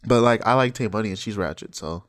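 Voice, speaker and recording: A young man co-hosting a podcast in a loose, profane, jokey chat, who often acts out other people's lines. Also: fast talker. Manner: profane, jokey, acts out quoted voices high. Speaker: podcast co-host. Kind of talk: casual chat.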